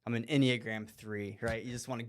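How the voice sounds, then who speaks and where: Male podcast host, casual chat, animated storytelling, laughs often, asides. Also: medium pitch, a little fast. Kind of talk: casual conversation.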